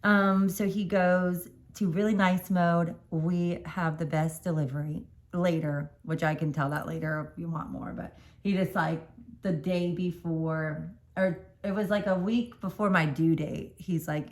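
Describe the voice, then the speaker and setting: A woman's voice: on the low side, a little slow. A woman telling a personal story in a casual storytime vlog, rambling and correcting herself as she goes. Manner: rambling, self-correcting, animated. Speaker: vlogger telling a birth story.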